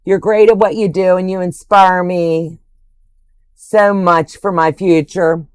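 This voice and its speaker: A woman's voice: on the low side, fairly even intonation, takes it slowly, smooth, no room sound. An older woman hosting a quilting livestream, chatting casually and gushing affectionately over viewers' comments.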